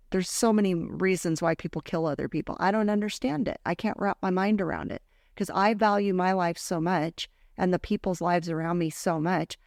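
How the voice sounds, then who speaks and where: A woman's voice: mid-range voice, a little mellow, no room sound, studio quality. A woman hosting a faith podcast, talking in an earnest, heartfelt way and telling a personal story. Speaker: podcast host. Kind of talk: casual faith podcast talk.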